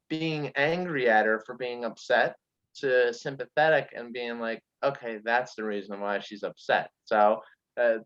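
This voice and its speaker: A man's voice: mid-range voice, a bit bright. A man guesting on a podcast, telling a story in casual chat and acting out quotes with lots of fillers. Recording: dull lo-fi sound.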